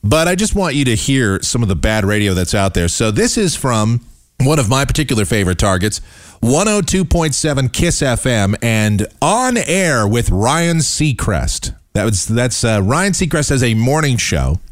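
A man hosting his own podcast, giving a scornful, animated rant about the broadcasting industry. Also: medium pitch, normal speed, dry recording, studio quality. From United States. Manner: scornful, animated, mocks voices he dislikes. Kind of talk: ranting commentary.

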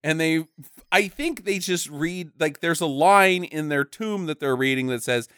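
A woman co-hosting a podcast, recapping a movie in casual chat, animated and mocking and swearing freely. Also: sits low, a little slow, clean tone, no echo, clean studio sound. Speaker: podcast co-host.

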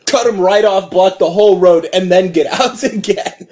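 A man's voice: high-pitched, unhurried, a little mellow. A man in casual chat, joking crudely and explaining a driving story in detail.

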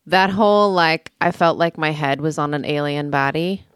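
A woman's voice: sits low, normal speed, clear, resonant tone, no echo. A woman in her thirties co-hosting a podcast, talking thoughtfully and steering the conversation between topics. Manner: thoughtful, guiding the topic with soft fillers. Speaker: podcast co-host. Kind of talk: casual podcast chat.

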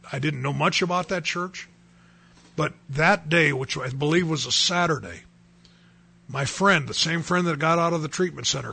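A man's voice: on the high side, creaky, pushed and bright, husky. A man from North Dakota telling his personal testimony in an earnest storytelling way that rises to emphatic bursts. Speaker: testimony speaker.

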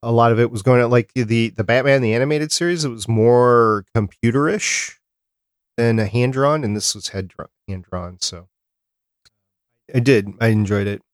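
A man hosting a podcast in casual chat, relaxed and making joking asides. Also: mid-range voice, moderate pace, clean tone, dry recording, studio quality. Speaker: podcast host.

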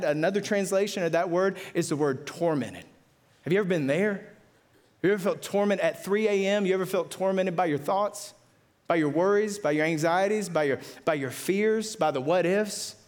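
Impassioned man preaching a sermon. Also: normal speed. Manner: impassioned, repetitive, builds to excited high-pitched peaks. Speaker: pastor.

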